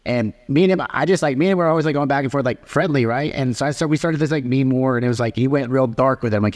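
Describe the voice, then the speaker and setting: A man in his thirties rattles through his stories at a quick clip, cursing freely and slipping into animated retellings. It is a casual podcast conversation. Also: medium pitch. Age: 30s. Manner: rapid, profane, animated storytelling. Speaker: podcast host.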